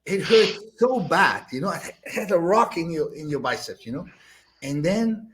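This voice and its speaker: An older man with a German accent, a bodybuilder guest telling animated stories, acting out quotes with loud bursts and laughter. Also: a little high, normal speed. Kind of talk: animated storytelling.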